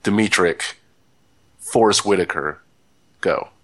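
Deep-voiced male podcast host. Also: a bit bright. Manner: halting, restarts, dry humor. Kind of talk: casual chat.

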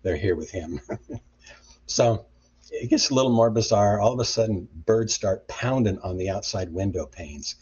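A middle-aged man, a deliverance minister and guest, telling a story with lively acted-out quotes. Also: fairly low pitch, a little slow, husky, muffled recording. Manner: animated retelling with acted-out quotes. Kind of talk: storytelling interview.

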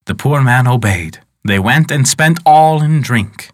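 A male storyteller reading an old folk tale with dramatic expression. His voice moves widely in pitch, and the sound is close and dry with no room echo. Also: lively intonation, measured pace, hardly any pauses.

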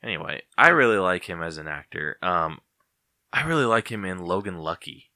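A man co-hosts a podcast, chatting casually in a laid-back, rambling way and laughing often. His deep voice is expressive, pushed and bright, at a normal speed, recorded with studio quality and no room sound.

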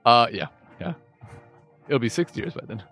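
A man co-hosting a casual whiskey tasting, relaxed and quick to laugh, thinking aloud as he describes the flavors. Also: mid-range voice, creaky, soft background music.

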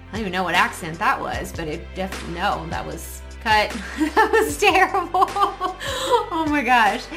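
A woman podcast coach giving casual, upbeat advice to listeners, chatty and quick to poke fun at herself. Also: a little high, pushed and bright. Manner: chatty and upbeat, self-mocking asides.

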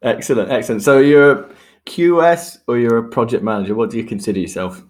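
A man's voice: medium pitch, fast talker, a little mellow. A man hosting a podcast in casual chat, joking and laughing often and repeating words as he goes. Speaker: podcast host.

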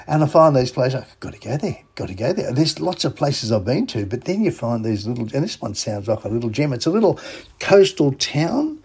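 A man's voice: mid-range voice, a little mellow, husky. A man with an Australian accent hosting a radio show, chatting casually and with enthusiasm. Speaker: radio host.

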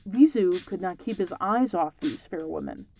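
A podcast host reading a folktale aloud and reflecting on it in measured, scripted narration. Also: medium pitch, wildly swooping pitch, darkish tone, slight background noise.

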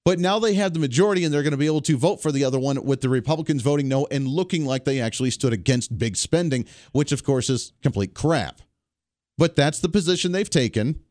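A male radio host delivers blunt, emphatic political commentary with strong opinions. His voice sits a touch high for a man. The studio sound is dry and close. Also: fast, darkish tone, no room sound. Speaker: radio talk show host.

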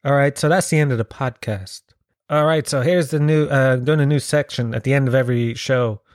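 An Irish man in his thirties rambles through comic stories on his podcast, swearing freely and poking fun at himself. His voice sits at an ordinary middle pitch, and the close mic sounds dry with no room around it. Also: brisk, dry recording. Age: 30s. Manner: rambling, sweary, self-mocking. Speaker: podcast host. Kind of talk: casual comic storytelling monologue.

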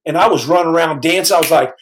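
A man telling a story on his podcast in a casual, animated way, stumbling over restarts and acting out the quotes. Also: on the high side, rapid-fire, slight background noise, poor audio.

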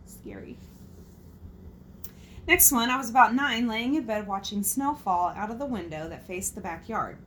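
A woman's voice: mid-range voice, moderate pace, long pauses, slight background noise. A woman hosting a casual talk show, reading out listener stories and reacting with frank swearing and laughter. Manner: expressive, swears freely, laughs at her own jokes.

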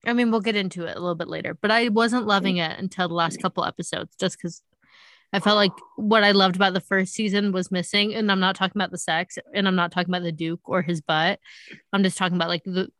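A woman's voice: on the low side, steady tone, quick pace, fairly bright tone, dry recording, clean studio sound. A woman in her thirties hosting a podcast, chatting casually and reading an ad in an upbeat, bubbly way. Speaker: podcast host. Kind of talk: casual podcast chat with host-read ad.

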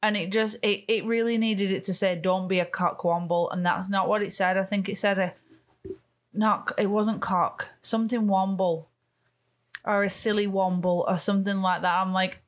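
A woman's voice: medium pitch, steady tone, moderate pace. A woman co-hosting a casual podcast chat, rambling through stories with restarts and swearing. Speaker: podcast co-host.

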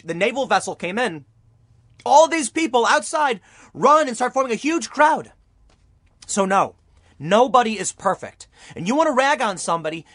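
A young man talking fast and heatedly in an online opinion monologue, firing off rhetorical questions as he argues his case. His voice sits high for a man, and the sound is close and dry, with no room around it. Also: no room sound. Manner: animated, argumentative, rhetorical questions. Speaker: political commentary YouTuber.

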